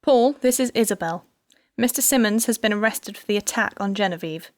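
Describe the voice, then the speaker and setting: Calm no-nonsense lady detective, read by a woman, steady and firm, dry close audio. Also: mid-range voice, no room sound, close to an everyday voice. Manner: authoritative, calm and measured. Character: steady female police detective, firm and composed. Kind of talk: audiobook character reading.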